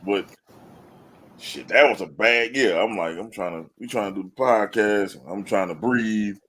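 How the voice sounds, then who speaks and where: A man's voice: fairly low pitch, normal speed, fairly bright tone. Male podcast host, laughing storyteller, casual and profane. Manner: laughing storyteller, swears freely. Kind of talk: casual chat.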